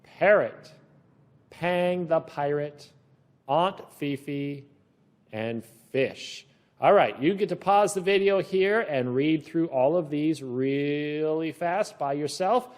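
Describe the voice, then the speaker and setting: A man's voice: on the high side, slow, darkish tone. A male teacher leading a children's reading lesson, reading a storybook aloud and asking encouraging questions.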